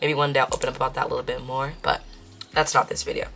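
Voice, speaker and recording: Low-voiced chatty woman counting cash. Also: level tone, rapid-fire, gravelly, a bit bright. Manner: chatty, counts bills aloud, slips into Spanish phrases. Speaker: budgeting vlogger. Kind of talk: casual chat while counting cash.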